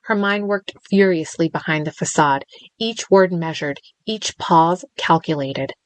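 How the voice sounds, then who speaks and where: Low-voiced woman narrating a thriller. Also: a little slow, clear, resonant tone, dry recording, rough recording. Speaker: audiobook narrator.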